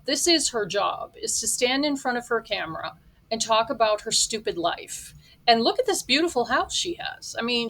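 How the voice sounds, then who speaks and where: A middle-aged woman delivers reaction commentary in a bright, cutting voice set a little high. Her tone stays blunt and sarcastic as she mocks what she watches. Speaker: reaction vlogger.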